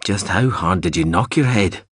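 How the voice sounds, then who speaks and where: A man doing a quiet, anxious old crewman. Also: low-pitched, breathy edge, no echo. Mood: worried. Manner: quiet and measured. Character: anxious older male crewman.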